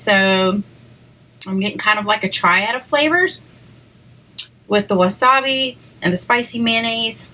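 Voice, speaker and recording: A woman's voice: medium pitch, bright, forceful tone, rough recording. A woman hosting a casual eating video, chatting to viewers between bites with lots of "like" and "um" and small giggles. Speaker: eating show host. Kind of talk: casual mukbang chat to viewers.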